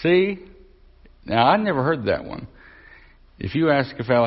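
A man's voice: mid-range voice, sing-song, moderate pace. A man preaching a conversational Bible lesson, folksy, repeating himself and asking the room questions. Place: church or Bible class. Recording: dull lo-fi recording.

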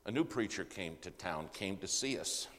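An older man preaching a sermon as a story, dramatic and swinging from loud to hushed, in a church sanctuary. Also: sits low, lively intonation, normal speed. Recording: long reverb of a big hall, faint ambience.

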